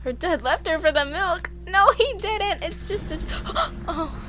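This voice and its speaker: Woman vtuber, high and bright, swoops in pitch, giggly chaotic outbursts, unhurried. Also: lively intonation, very noisy. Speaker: vtuber streamer. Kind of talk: casual game stream chatter.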